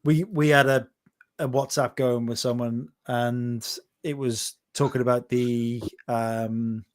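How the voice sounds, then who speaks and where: A man's voice: mid-range voice, fairly even intonation, takes it slowly. A man co-hosting a casual podcast chat, talking in a blunt, jokey, sweary way. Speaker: podcast co-host.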